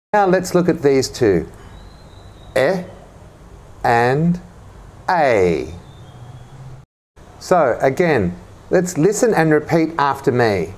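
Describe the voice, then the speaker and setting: Slow, lively-voiced man teaching phonics. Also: on the high side. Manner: drills words for repetition, quizzes the listener. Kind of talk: slow, clearly enunciated teaching.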